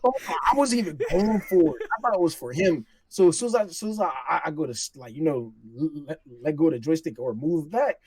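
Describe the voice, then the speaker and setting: A man's voice: on the high side, animated, a little fast, hardly any pauses, a crowd in the background. A man telling laughing, slangy stories in a casual chat between co-hosts. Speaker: podcast co-host.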